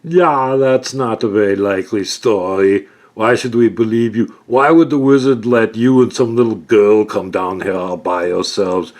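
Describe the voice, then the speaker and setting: A man voicing a surly hired guard in a dungeon who talks loudly and gruffly. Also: lowish voice, fairly even intonation, unhurried, voice pushed up.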